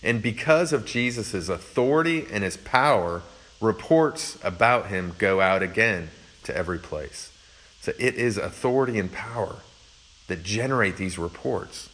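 A male preacher teaching through scripture in a low-pitched voice. His delivery is conversational and reflective, full of casual asides and fillers, with a mix of reading and explaining. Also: expressive, moderate pace, a bit bright. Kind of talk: sermon, Bible teaching.

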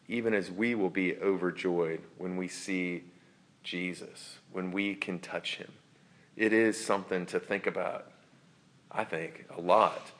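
Man, sermon, very low voice, earnest and reflective, hushed near-whispers at times. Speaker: pastor.

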